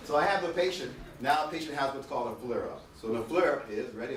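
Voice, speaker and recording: A man giving a lively, jokey dental lecture, mimicking patients to make his points. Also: fast, hardly any pauses, a little hiss or hum. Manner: acts out patients in a high whiny voice, jokey. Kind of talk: animated classroom lecture. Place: lecture hall. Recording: echoey lecture hall, voice from a distance.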